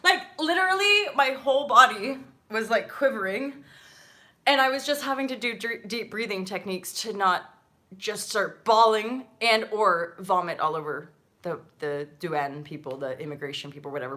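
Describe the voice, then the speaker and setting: A woman hosting her own channel, telling a story in a casual, animated monologue, full of asides and freely swearing. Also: medium pitch. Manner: chatty, with many fillers and asides. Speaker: channel host.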